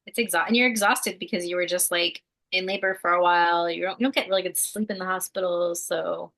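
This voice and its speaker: A young woman co-hosting a podcast, chatting in a relaxed way with lots of fillers and some laughs. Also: lowish voice, brisk, vocal fry. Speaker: podcast co-host, mother of two. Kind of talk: casual chat.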